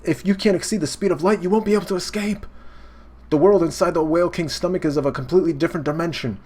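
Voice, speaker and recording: An alarmed male alien creature blurts a hurried warning in a raised, strained voice, as a man puts him on. He talks fast and urgently. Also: on the high side, darkish tone, voice pushed up, natural voice.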